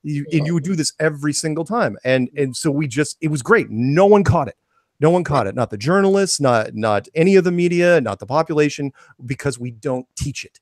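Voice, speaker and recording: A man's voice: a little high, a little fast, hardly any pauses, dry recording, clean studio sound. A man being interviewed as a guest, talking enthusiastically in an impassioned rant, repeating and restarting phrases. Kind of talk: podcast interview.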